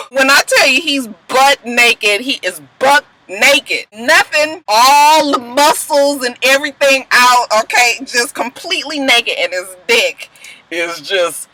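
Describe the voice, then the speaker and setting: A woman vlogger telling a casual story, animated and profane, acting out the dialogue as she goes. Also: high voice, slow pace, crowd noise, poor audio.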